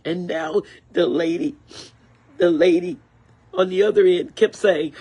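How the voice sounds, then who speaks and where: An older woman on a livestream, ranting angrily and repeating herself, swearing freely, with a husky voice. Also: on the low side, measured pace, a little mellow. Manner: angry, repetitive, profane. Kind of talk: angry livestream rant.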